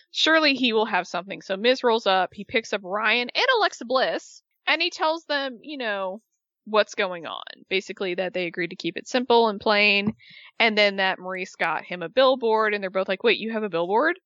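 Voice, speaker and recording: A woman talks over a show's events in casual chat, animated and quick to act out whoever she is quoting. Her voice is bright, recorded dry with a slightly dull, lo-fi sound. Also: medium pitch, dry recording. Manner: animated retelling, acting out the people she quotes. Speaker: podcast co-host recapping a reality show.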